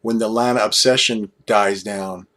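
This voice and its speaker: A man's voice: lowish voice, steady tone, measured pace, a bit bright. Chatty sixty-one-year-old man rambling. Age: 60s. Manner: chatty, self-deprecating, trailing off and restarting. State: tired after a late night. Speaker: YouTube vlogger. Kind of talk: casual rambling vlog.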